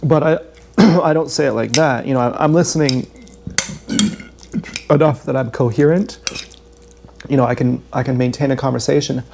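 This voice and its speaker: A man's voice: medium pitch, fairly even intonation, moderate pace, creaky, long pauses, a little mellow, slight background noise. A man telling a long, candid, swearing story about his day in a rambling vlog. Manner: swearing, candid, self-deprecating, repeats himself. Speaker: vlogger.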